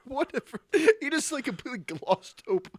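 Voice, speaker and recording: A man's voice: extremely high pitch, lively intonation, moderate pace, fairly bright tone, dry recording, clean studio sound. A young man co-hosting a podcast, telling an embarrassing story in casual chat and laughing often. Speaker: podcast co-host.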